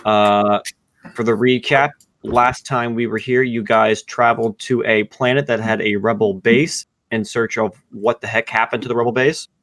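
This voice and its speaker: A man's voice: mid-range voice, fairly even intonation, normal speed, a bit bright, dry recording. A man running a tabletop game as game master, recapping in an easygoing, loose way. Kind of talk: casual game narration over voice chat.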